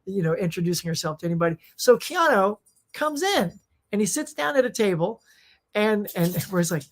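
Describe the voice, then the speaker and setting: A middle-aged woman hosts a casual live question-and-answer show, her voice worn as she is losing it. She rambles through animated stories, full of fillers and restarts, at an ordinary middle pitch. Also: a little fast. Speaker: host.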